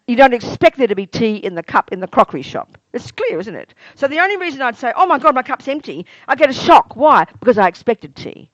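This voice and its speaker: A woman's voice: on the high side, quick pace, hardly any pauses, dry recording. A woman meditation teacher giving a spiritual teaching talk, asking her listeners questions and acting out everyday exclamations to make her points. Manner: animated, asks listeners many rhetorical questions. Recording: dull lo-fi dry recording.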